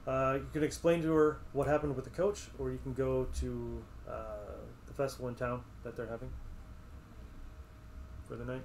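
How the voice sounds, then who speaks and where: A man's voice: mid-range voice, steady tone, moderate pace, long pauses, a little mellow. A man narrates a tabletop game as game master, his voice sitting in an ordinary middle register. He hesitates often, filling gaps with ums and uhs. A faint hiss of background noise runs underneath. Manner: casual, hesitant, many fillers.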